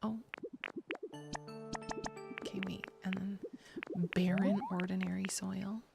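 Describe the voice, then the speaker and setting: Woman streamer, gravelly voice, giggly rambling chat over clear game music. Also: mid-range voice, little pitch movement, slow pace. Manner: chatty, giggly, rambling with restarts. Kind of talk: casual gaming stream chat.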